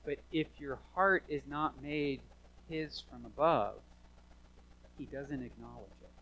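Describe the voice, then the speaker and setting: A man preaching a sermon as pastor, animated, swinging from hushed asides to loud emphatic lines, in a church. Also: mid-range voice, slow, a little hiss or hum, low-quality recording.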